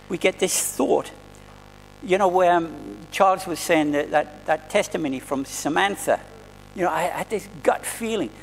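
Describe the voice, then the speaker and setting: High, gravelly-voiced male preacher. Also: long reverb tail, rough recording. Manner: earnest, conversational preaching with restarts. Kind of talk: sermon. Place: church hall.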